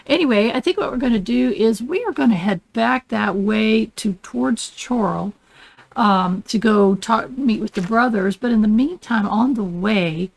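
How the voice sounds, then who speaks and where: An older woman hosting a relaxed let's play, chatting and rambling as she plays and often getting sidetracked. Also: a little high, moderate pace, gravelly, rough recording. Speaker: gaming channel host. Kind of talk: casual let's play commentary.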